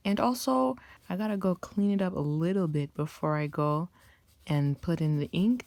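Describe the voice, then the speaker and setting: A woman casually talking through her drawing process, chatty and sometimes dropping to a soft near-whisper. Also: sits low, no room sound. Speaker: art vlogger. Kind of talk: casual narrated drawing tutorial.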